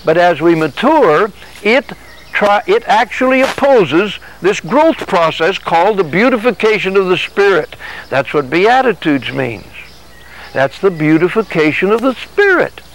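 Man, preacher, sermon, earnest, acts out dialogues, high-pitched voice. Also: sing-song, unhurried, a little hiss or hum, rough recording. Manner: earnest, acts out dialogue with God and his body.

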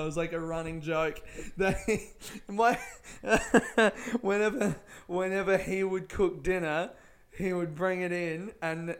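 A young man rambling through a personal childhood story in casual, profane chat, often laughing as he talks. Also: fairly high pitch.

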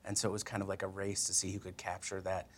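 Low-pitched male corporate interviewer. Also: completely flat delivery, slight background noise. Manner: measured, asks prepared questions. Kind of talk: business interview.

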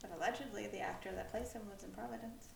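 A woman's voice: mid-range voice, fairly even intonation, fast talker, creaky, echoey room, a little hiss or hum. A woman co-hosting a casual podcast, chatting and raising skeptical questions. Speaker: podcast co-host. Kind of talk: casual chat.

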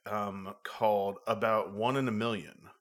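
A man co-hosting a podcast, casually summing up a film with relaxed, dry remarks. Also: fairly low pitch, measured pace. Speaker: podcast co-host. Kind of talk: casual film review chat.

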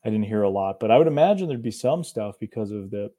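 A man's voice: on the low side, lively intonation, fast talker, dark tone. A young man from northern Appalachia, co-hosting a casual chat in a laid-back, rambling way with frequent chuckles. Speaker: co-host of a cryptid show.

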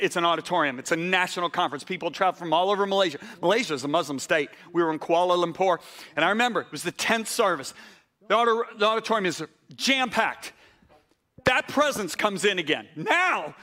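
A man preaches in a high, ringing, bright voice. He tells his story with big swings between excited outbursts and hushed, intimate moments. When he gets worked up, he repeats words and starts over. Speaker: pastor. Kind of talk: sermon storytelling.

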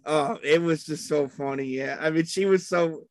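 A man's voice: a little high, moderate pace, dry recording. A man in a casual chat, rambling through old stories and acting out what people said. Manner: rambling storyteller acting out quotes.

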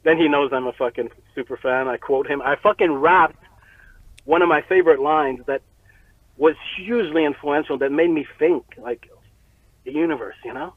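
A man casually telling a long story, animated and profane, often laughing as he talks. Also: a little high, moderate pace, no room sound, narrow, tinny audio.

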